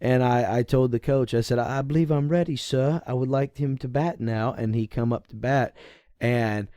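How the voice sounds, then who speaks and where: A man's voice: medium pitch, fairly even intonation, normal speed, mellow, no echo, studio quality. A young man co-hosting a podcast, telling a childhood story in a rambling, casual way and laughing as he goes. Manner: rambling, laughs through his stories. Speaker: podcast co-host.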